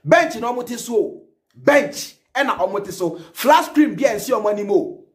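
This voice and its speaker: A man with a Ghanaian accent delivers satirical commentary as the host of a reaction show. His voice sits unusually high, and he rants theatrically and animatedly. He often slips into a sing-song repetition of phrases. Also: lively intonation, moderate pace.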